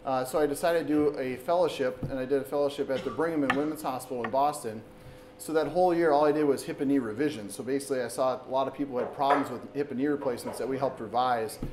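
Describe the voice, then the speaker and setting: A man's voice: medium pitch, quick pace. A man in his thirties from Wisconsin talks an audience through knee surgery in a loose, conversational lecture, often restarting his sentences. His voice sits in a middle register. Faint background noise fills the meeting room. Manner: conversational, with frequent restarts and "so basically". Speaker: orthopedic surgeon giving a public talk. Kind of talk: informal public lecture. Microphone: camera recording in the room.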